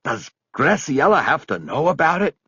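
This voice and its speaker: Guy putting on a whiny pleading buddy, voice way up high, kinda husky. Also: wildly swooping pitch, unhurried, fairly bright tone, no room sound, highs cut off, exaggerated voice. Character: anxious, pleading middle-aged man, whiny and guilty.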